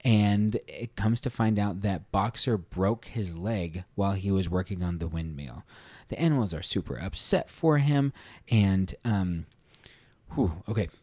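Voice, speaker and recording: A man's voice: sits low, measured pace, mellow, no echo. Earnest man with a dry sound. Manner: earnest, conversational, retells a story with feeling. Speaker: podcast host reviewing a book. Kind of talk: casual spoken book review.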